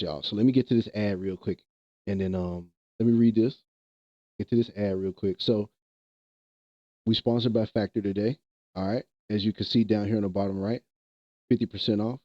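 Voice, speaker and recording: Laid-back low-voiced male streamer. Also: steady tone, moderate pace, pauses often, dark tone, dry recording, highs cut off. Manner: loose slang-heavy banter, laughs often. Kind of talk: casual live-stream chat.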